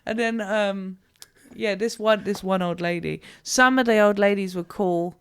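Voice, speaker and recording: A British woman co-hosting a casual podcast, her voice smooth and resonant. She tells rambling stories, drifts off on tangents and swears without a second thought. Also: mid-range voice, unhurried. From Britain. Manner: animated rambling storyteller, swears freely, goes off on tangents. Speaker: podcast co-host. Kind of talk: casual chat.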